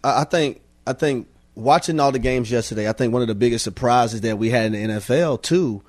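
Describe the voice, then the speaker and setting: A male sports talk host with a mid-pitched voice questions his guest conversationally. He is recorded close and dry, with no room sound. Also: fairly quick, a little mellow, no room sound. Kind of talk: sports talk show interview.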